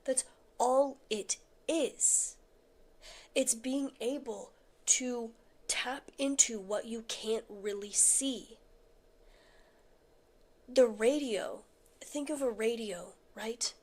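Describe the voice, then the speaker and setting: Woman, higher voice, slow reflective delivery, musing. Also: a little mellow. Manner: musing, slow, dropping to a whisper at times. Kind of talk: casual talk in a video.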